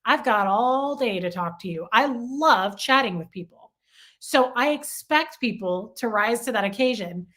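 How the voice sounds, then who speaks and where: A young woman with a bright, fairly high voice, chatting on a live stream. She talks to her viewers in an animated, self-deprecating way. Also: a little slow. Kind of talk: casual live-stream chat.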